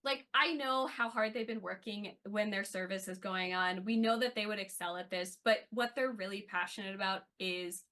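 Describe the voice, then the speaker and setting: A woman co-hosting a fan podcast, chatting casually and gushing with excitement. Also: medium pitch. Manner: excitable, gushing, quick to laugh. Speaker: podcast co-host.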